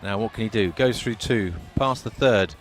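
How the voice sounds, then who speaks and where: A man giving measured football analysis as co-commentator, with punchy exclamations on the big moments. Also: fairly low pitch, faint music behind.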